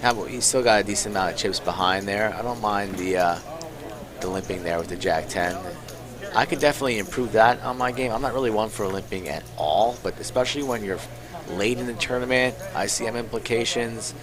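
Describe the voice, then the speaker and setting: Man, poker analyst, easygoing, low voice, crowd noise behind. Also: fairly quick. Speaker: poker commentator. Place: poker club.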